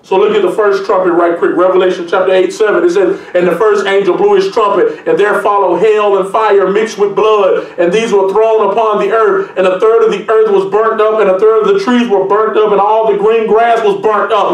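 A man preaching a sermon as pastor, reading scripture aloud and breaking into jokes and lively asides. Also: sits high, a little fast, hardly any pauses, distant mic. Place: church. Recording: echoey room, mic from afar.

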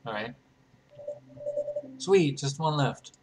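A man's voice: mid-range voice, moderate pace, background noise. A man giving casual, playful commentary while playing a game, thinking aloud and laughing often. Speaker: gaming channel host.

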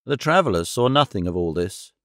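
A man narrating a classic novel audiobook in an even, steady storytelling manner. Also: low-pitched, fairly quick, no room sound, clean studio sound.

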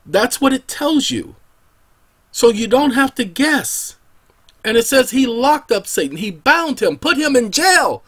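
A man's voice: extremely high pitch, animated, unhurried, fairly bright tone, husky. A man hosting his own video, talking casually and emphatically about scripture, challenging viewers and asking rhetorical questions. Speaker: online video host. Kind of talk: casual scripture talk to camera.

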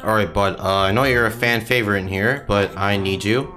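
A man's voice: on the low side, a little fast, soft background music. A young man giving casual gameplay commentary, frustrated and swearing often. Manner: frustrated, swears a lot, swings into loud outbursts. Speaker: gaming streamer.

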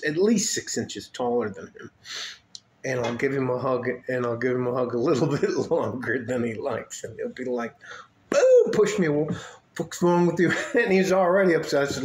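A man from West Texas in a casual, joking, rambling talk to camera, drifting off topic as he goes. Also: medium pitch. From West Texas, USA. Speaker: vlogger. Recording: roomy echo with faint noise.

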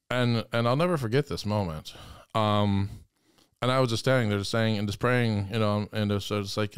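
Priest man, low voice, smooth and clear, dry sound, earnest, impassioned. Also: steady tone, fairly quick, dry recording. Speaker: guest priest. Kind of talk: conversational interview.

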